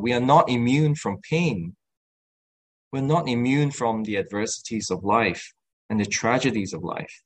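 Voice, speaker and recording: Earnest guy preaching, mid pitch, restarts a lot, voice jumps up for the quotes. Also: low-quality recording. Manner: earnest, acts out quoted lines with rising pitch; halting with restarts and fillers. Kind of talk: sermon.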